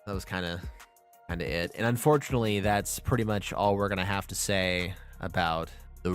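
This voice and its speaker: Guy hosting a podcast, swears a lot, gets animated retelling episodes, faint music behind. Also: deep voice, a little fast. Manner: profane, animated storytelling. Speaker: podcast host. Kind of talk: casual podcast chat recapping anime.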